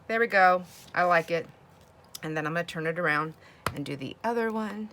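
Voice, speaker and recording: A woman's voice: lowish voice, fairly quick, fairly bright tone, a little hiss or hum. A woman hosting a crafting video, chatting casually and laughing often as she works. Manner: chatty, laughs often, talks to herself while working. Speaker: crafting channel host.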